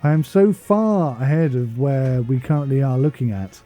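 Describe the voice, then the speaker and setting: A man's voice: mid-range voice, normal speed, dark tone, soft background music. An English man rambling through a casual gameplay commentary voice-over, chatty and self-deprecating, often wandering off on tangents. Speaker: gaming channel host.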